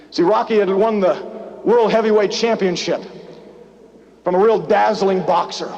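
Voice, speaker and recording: A man giving a motivational rally speech, telling a story in punchy, repetitive lines that build to shouts. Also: high voice. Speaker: motivational business speaker. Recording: dull lo-fi live tape, faint noise.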